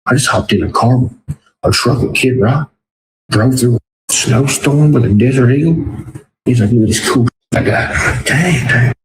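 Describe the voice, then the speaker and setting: In a mid-range voice at normal speed, a man guesting on a podcast tells casual stories, animatedly acting out the quoted words of others. The recording is roomy, with background noise plainly present.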